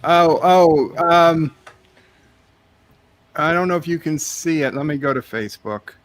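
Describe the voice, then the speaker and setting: Brief: male streamer, unhurried chatty delivery, a touch high-pitched, reads chat out loud. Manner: chatty, reads viewer messages aloud. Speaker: streamer hosting a game stream. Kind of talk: casual live-stream chat.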